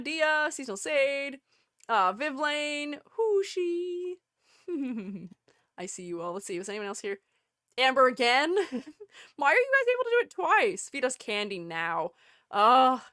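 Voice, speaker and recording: A bubbly woman streamer chats casually with her viewers, laughing often and gushing with delight. Her voice is high and bright, leaping up and down with lively swings. The sound is dry and close. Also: no echo. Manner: exclaims in delight.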